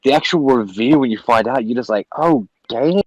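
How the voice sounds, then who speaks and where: A man's voice: mid-range voice, dry recording, muffled recording. A man as guest in a casual movie review chat, rambling and repeating himself as he retells scenes. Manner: fast, rambling, repeats words. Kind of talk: casual film discussion.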